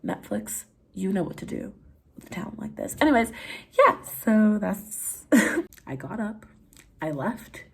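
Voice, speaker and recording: Husky young woman telling a story. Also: medium pitch, unhurried, long pauses. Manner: animated, laughing, swings from hushed to loud. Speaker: vlogger. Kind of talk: casual story time.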